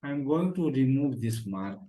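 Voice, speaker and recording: A man's voice: mid-range voice, animated, measured pace, warm tone, echoey room, rough recording. A man teaching a beginner HTML lesson, repeating phrases and calling the class "guy". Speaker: programming teacher. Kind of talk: screen-share coding lesson.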